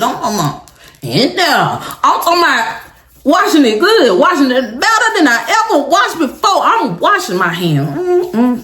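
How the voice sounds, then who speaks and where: A woman's voice: high-pitched, reverberant. A young woman, telling a dramatic school story in a casual vlog, laughing often. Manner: animated, laughing, dramatic retelling. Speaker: storytime vlogger.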